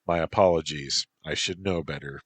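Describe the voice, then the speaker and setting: A man's voice: a bass voice, moderate pace, fairly bright tone, slightly rough, dry recording, full character voice. A man voicing an earnest, polite young man who serves a princess.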